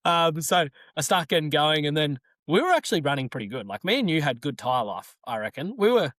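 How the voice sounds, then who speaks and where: A man's voice: on the high side, expressive, a little fast, a bit bright, no echo, studio quality. A man with an Australian accent, a racing driver co-hosting a podcast, telling rambling stories in casual chat with frequent laughs.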